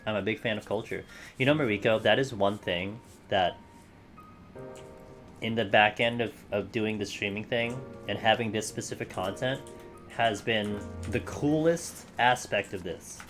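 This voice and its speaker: A man's voice: fairly low pitch, unhurried, a bit bright. A man chatting casually with his live-stream audience while he plays, joking and swearing now and then. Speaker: video game streamer. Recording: game music playing under the voice.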